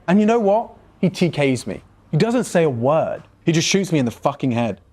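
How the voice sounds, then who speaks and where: A man with a fairly high voice that swings widely up and down. He rants indignantly in a comedy skit, swearing as he goes. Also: very animated, brisk, hardly any pauses. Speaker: esports caster.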